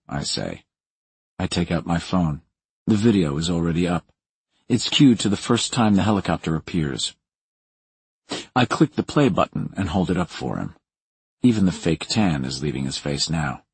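Male audiobook narrator, deep and raspy, dry wry delivery, lively intonation. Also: normal speed, no room sound. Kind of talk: first-person thriller narration.

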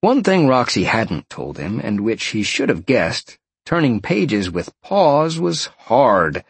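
A man narrating an audiobook in a lively storytelling way. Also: medium pitch, takes it slowly, slightly rough, no echo.

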